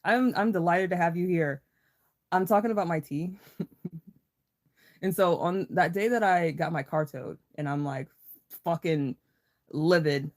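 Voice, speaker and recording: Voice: medium pitch, unhurried, long pauses. A livestream host in a casual, rambling chat, swearing freely and greeting viewers in chat by name with a playful laugh.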